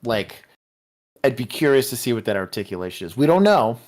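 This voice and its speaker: A man's voice: mid-range voice, sing-song, brisk, a little mellow. A middle-aged man with a Texan accent, a former police officer co-hosting a livestream, talking casually and animatedly with restarts and laughter.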